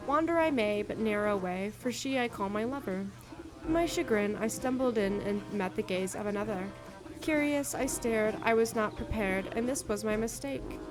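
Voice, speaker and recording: A woman's voice: fairly high pitch, expressive, normal speed, music in the background, lightly acted. A woman voicing a dreamy, spellbound young male bard in a game, reciting in a lilting, sing-song rhyme. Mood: wistful.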